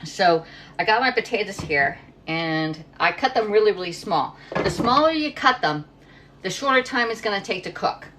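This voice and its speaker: Cooking at home in her kitchen, this middle-aged livestream host from Pennsylvania rambles casually and reads out comments from viewers. She speaks at a normal speed in an animated, medium-pitched voice, with background noise present.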